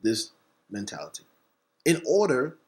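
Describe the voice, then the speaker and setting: A man hosting a talk segment, delivering a fiery, preacher-like monologue. He spells words out letter by letter and swings between rapid bursts and slow, stressed words. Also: medium pitch, wildly swooping pitch, darkish tone. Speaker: host. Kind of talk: impassioned monologue.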